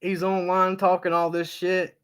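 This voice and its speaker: A man's voice: monotone, measured pace, fairly bright tone, clear, resonant tone. Giggly man on a casual live stream. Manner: laughs often, retells stories with high squealing impressions; loose, rambling, swears casually.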